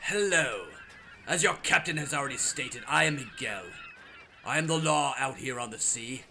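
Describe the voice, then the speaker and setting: A man playing a gravelly boastful sea lawman. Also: medium pitch, normal speed, sharp tone, slight background noise. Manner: blustering, boastful threats. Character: swaggering self-important male sea lawman.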